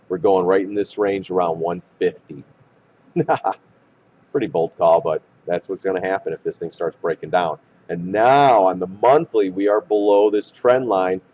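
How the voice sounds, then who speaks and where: A man walking through stock charts in blunt trader slang, hoarse and losing his voice. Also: lowish voice, dark tone. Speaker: stock market commentator. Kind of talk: chart analysis talk. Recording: dull lo-fi recording.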